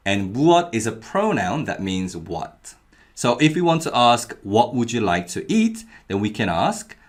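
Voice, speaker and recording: A young adult man giving a clearly paced, scripted language lesson, repeating each example phrase carefully. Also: lowish voice. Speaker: Korean language teacher.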